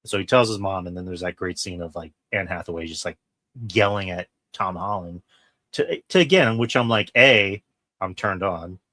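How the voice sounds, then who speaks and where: A man's voice: low voice, normal speed, pushed and bright, dry recording. A man co-hosting a casual film review, retelling scenes in an emphatic way and swearing freely. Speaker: podcast co-host.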